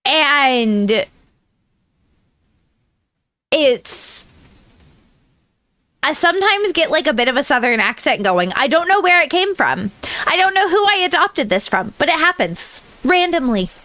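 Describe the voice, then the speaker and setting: An American woman streams from home in a high, animated voice that swoops up and down as she rambles. Her tone is bright, she laughs a lot, and the sound is close and dry. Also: unhurried, pauses often, no room sound. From United States. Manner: rambling, chatty, laughs often, answers chat. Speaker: VTuber streamer. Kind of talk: casual livestream chat.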